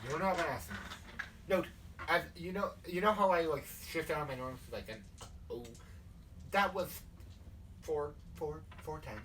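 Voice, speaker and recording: High-voiced game master, mic far off. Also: male voice, lively intonation, fairly bright tone. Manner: chatty, quick asides. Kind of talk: narrating a tabletop game. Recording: distant mic, faint noise.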